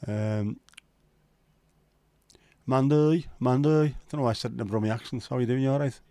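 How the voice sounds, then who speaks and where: A man with a middle-pitched voice runs a relaxed racing watch-along live stream, keeping up jokey, chatty patter as he greets viewers one by one. The recording is dry and close, with no room echo.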